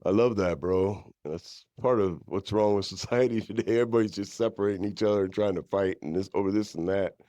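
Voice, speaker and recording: A man's voice: a little fast, hardly any pauses, dark tone, no echo. A middle-aged man from the East Bay, telling his own story as a podcast guest in a candid, conversational way. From East Bay, California. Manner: candid storyteller, drops into higher-pitched impressions of others. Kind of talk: conversational interview. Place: podcast studio.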